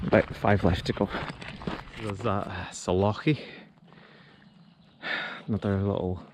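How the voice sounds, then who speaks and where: A Scottish vlogger in his thirties chats casually while walking a lochside hill trail, relaxed and slightly out of breath from the climb. His voice is lowish and a little slow. It's an outdoor phone recording with clear background noise of wind and rural ambience.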